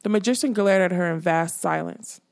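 A woman narrating a fantasy audiobook in a measured storytelling manner. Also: fairly low pitch, a little mellow.

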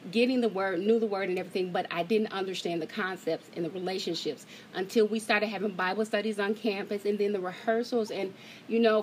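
A woman's voice: mid-range voice, a little hiss or hum, low-quality recording. A woman hosting an online group call, talking in a heartfelt way and holding back tears. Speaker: host of an online gathering. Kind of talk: emotional casual talk to a group call.

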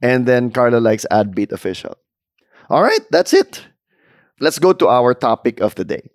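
A chatty man with a Filipino accent, speaking at a middle pitch. He co-hosts a podcast with easy, rambling chatter that mixes English and Tagalog. The sound is dry and close, with no room echo. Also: sing-song, moderate pace. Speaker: podcast co-host. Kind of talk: casual chat.

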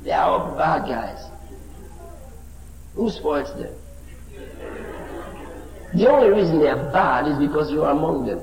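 A man preaching a sermon with fervor, swinging between shouts and low asides. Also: lively intonation, unhurried, creaky, pauses often, roomy sound, faint music behind, rough recording.

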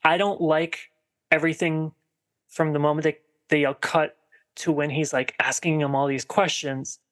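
Male podcast co-host, higher register, chatty and rambling, lots of "like" and restarts. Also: level tone, moderate pace, fairly bright tone. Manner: rambling, heavy on filler "like" and restarts. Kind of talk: casual film discussion.

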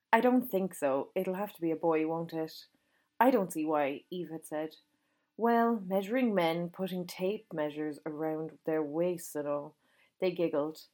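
A woman reading a novel aloud, gently voicing the characters in dialogue. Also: on the low side. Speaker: reader.

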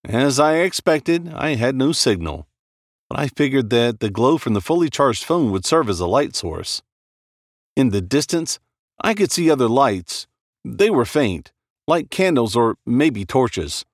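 A man narrating a first-person horror story in a dramatic, expressive read. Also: medium pitch, unhurried, no room sound, studio quality.

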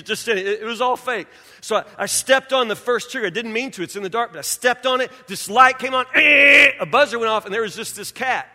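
A man preaching a sermon as pastor, telling a personal story in an animated way and acting out scenes, speaking in a church sanctuary. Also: very high-pitched. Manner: animated storyteller, acts out scenes, drops to quiet intensity. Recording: reverberant hall.

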